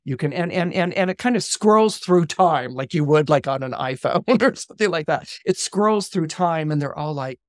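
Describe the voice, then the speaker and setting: A man with a fairly high voice talks as an astrologer guest on a podcast. He retells a story in a lively, loose way, with ums, restarts and quick acted-out quotes. His voice sounds close and dry, with no room around it. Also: dry recording. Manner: animated retelling with fillers and restarts; acts out quoted characters in passing.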